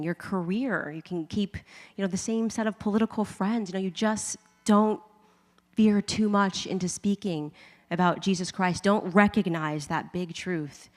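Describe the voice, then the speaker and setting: A lower-pitched woman from the United States tells a personal faith story in a loose, conversational way, with plenty of "like" and light laughs between lines. Her voice carries a long reverb, as if heard in a large hall. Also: a little mellow. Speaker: speaker giving a faith testimony.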